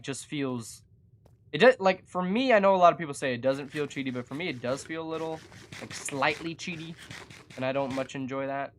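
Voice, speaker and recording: Live game streamer at a desk mic, casual chat, mid-pitched voice, dry self-mocking jokes. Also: fairly bright tone. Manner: chatty, self-mocking and jokey. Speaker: gaming streamer. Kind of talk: casual live gameplay commentary.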